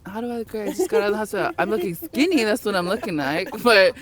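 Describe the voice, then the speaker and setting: A woman's voice: medium pitch, very animated, quick pace, a crowd in the background. A young woman, a podcast guest, telling a funny story in casual chat, often laughing and acting out quoted voices. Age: young adult.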